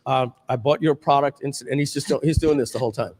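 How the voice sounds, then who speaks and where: A man hosting a casual livestream chat, telling anecdotes in an animated way and laughing often. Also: mid-range voice, fast talker, long reverb tail. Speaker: host.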